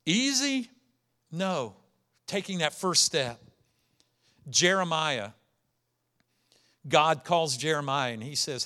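A man delivers a sermon, retelling Bible stories in an animated way and punctuating them with rhetorical questions. His voice sits high and sounds bright and forward. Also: slow pace, pauses often. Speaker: pastor.

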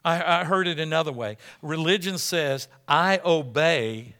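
A pastor delivers a sermon in a conversational way, building up to emphatic moments. His voice is bright and sits a little high for a man. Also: moderate pace, clear, resonant tone. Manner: conversational preaching, rising to emphatic peaks.

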